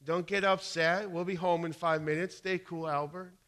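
A patient old grandfather who keeps his voice calm and controlled, as a male preacher acts him out. He soothes with steady, gentle reassurance. The tone stays bright and clear. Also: high-pitched, normal speed. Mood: soothing.

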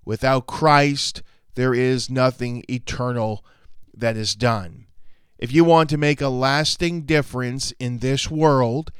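Slow, earnest male preacher. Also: medium pitch, fairly even intonation, clear, resonant tone, no room sound, clean studio sound. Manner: earnest, measured, appealing. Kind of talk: sermon. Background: faint music.

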